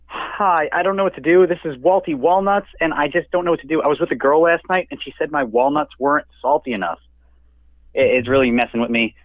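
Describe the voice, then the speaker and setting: A man's voice: fairly high pitch, expressive, brisk, no echo. A man doing a frantic caller on a tinny phone line. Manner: pleading, breathless rush. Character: panicked young male caller, frantic and anxious. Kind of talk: comedic prank-call bit.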